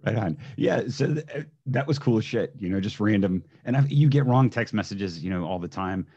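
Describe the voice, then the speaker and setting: A man's voice: on the low side, animated, fairly quick, dark tone, slightly rough. A man as a podcast guest in casual chat, easygoing and hesitant, often restarting his sentences. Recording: dull lo-fi audio.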